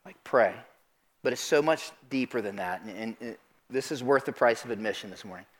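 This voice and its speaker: A man preaching a sermon in church, asking the congregation questions and urging them to answer out loud. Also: mid-range voice, brisk. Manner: animated, calls out questions to the congregation. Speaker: pastor. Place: church sanctuary.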